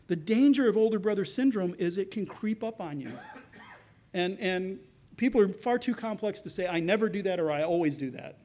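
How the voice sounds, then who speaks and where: Male pastor, higher voice, earnest sermon that acts out quoted speech. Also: animated, normal speed. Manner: earnest, acts out quoted voices, drops soft for tender lines.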